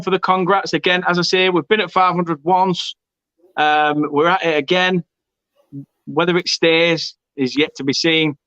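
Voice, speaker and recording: A man hosts a football watchalong in casual stream chat. He reads viewer comments aloud and throws in jokes. His voice sits a bit high and smooth, recorded close and dry, with a muffled lo-fi stream quality. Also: a bit bright, dry recording. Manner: chatty, jokey, stumbles and repeats words. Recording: dull lo-fi stream audio.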